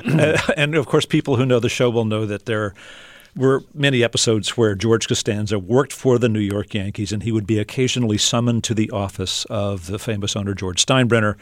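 Measured male interview host. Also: lowish voice, steady tone, no room sound. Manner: measured, explanatory. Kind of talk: radio interview.

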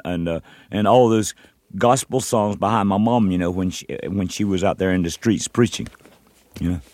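A man's voice: lowish voice, a little mellow, dry recording, clean studio sound. An older man from North Carolina, a musician guest in an interview, telling long stories in a rambling way with many restarts and "you know"s. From North Carolina, USA. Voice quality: short of breath.

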